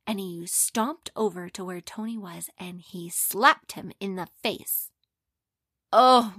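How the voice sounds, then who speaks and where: A woman telling a children's story expressively, dropping to hushed asides. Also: medium pitch, no room sound, clean studio sound.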